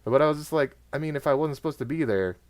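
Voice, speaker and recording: A man's voice: a little high, lively intonation, fast talker. A man telling a rambling story in casual chat, full of fillers and restarts.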